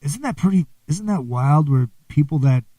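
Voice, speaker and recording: An eager male host from the Midwest runs a casual chat and reads viewer comments aloud. His voice sits a little high, and he is recorded in a dry room, set back from the mic. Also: animated, moderate pace, mellow, no room sound, recorded from a distance. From American Midwest.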